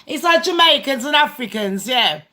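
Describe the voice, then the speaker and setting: A woman's voice: high-pitched, expressive, moderate pace, pushed and bright. A British woman hosting a casual livestream chat with viewers, talking bluntly, swearing and rambling. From Britain. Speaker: channel host.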